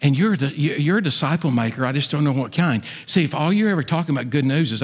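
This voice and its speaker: A middle-aged man preaching a sermon as pastor, swinging from loud, high appeals down to hushed asides. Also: expressive, a little fast, hardly any pauses, big-room sound.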